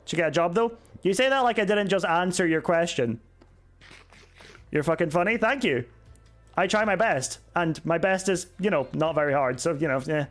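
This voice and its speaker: High-voiced sarcastic young male streamer. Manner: sarcastic, swears, answers chat. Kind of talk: casual live-stream chat while gaming.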